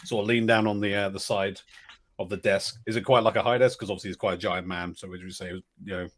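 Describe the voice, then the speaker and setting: A man's voice: fairly low pitch, steady tone, fast talker, crowd noise. A man playing a tabletop game, describing his character's actions in a rambling, hesitant way. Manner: rambling, hesitant, lots of "sort of". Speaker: player. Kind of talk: tabletop role-play chat.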